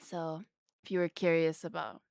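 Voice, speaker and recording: A woman's voice: low-pitched, level tone, moderate pace, vocal fry, darkish tone, no room sound. A woman streamer chatting casually to her viewers, bubbly and giggly, rambling with lots of fillers. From Philippines. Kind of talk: casual live-stream chat.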